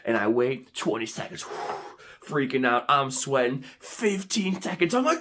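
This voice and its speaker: A young man telling an animated vlog story, excitable and prone to sudden dramatic squeals and shouts. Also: fairly high pitch, moderate pace. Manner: excitable, with big dramatic squeals and shouts when quoting himself. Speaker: vlogger.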